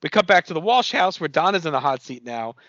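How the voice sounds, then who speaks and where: A man's voice: a little high, lively intonation, fast, a bit bright, no room sound. A male podcast host casually recapping a TV episode, loose and swearing now and then. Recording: dry, muffled podcast audio.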